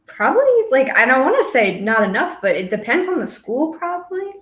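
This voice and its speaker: A woman's voice: on the high side, big pitch swings, brisk, fairly bright tone. A woman guest on a casual podcast, talking hesitantly with fillers and restarts. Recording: roomy echo.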